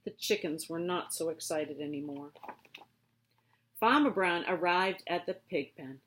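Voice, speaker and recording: A woman teacher reading a picture book aloud to her students, with expressive, drawn-out storytelling. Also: on the low side, slight background noise.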